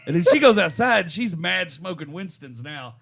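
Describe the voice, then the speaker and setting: A man with a Texan accent telling a profane, animated story as a podcast co-host. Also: sits high, normal speed, creaky, crowd noise. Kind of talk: casual chat, storytelling.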